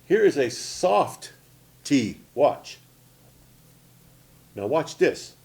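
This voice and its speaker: A man's voice: fairly high pitch, very animated, extremely slow, creaky, a little mellow. A man in his sixties from Oklahoma, teaching a language lesson in a plain, repetitive way, often checking in with "okay?" and "see?". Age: 60s. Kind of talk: casual spoken lesson.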